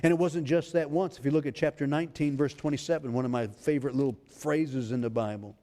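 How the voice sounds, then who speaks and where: A pastor preaching a sermon, reading scripture aloud in a pleading preacher's cadence. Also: male voice, a little high, steady tone, fast, mellow. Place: church sanctuary. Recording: long hall reverb.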